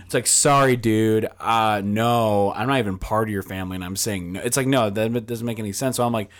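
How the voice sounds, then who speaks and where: This young man, a podcast guest, talks fast in a lowish voice with a steady tone. His long, casual story rambles along, packed with fillers such as "like," acted-out dialogue, and free swearing.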